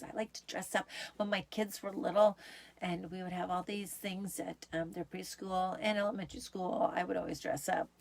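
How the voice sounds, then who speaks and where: A middle-aged woman hosting her own show, talking in an upbeat, chatty way with lots of fillers. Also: mid-range voice. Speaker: host. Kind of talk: casual solo show.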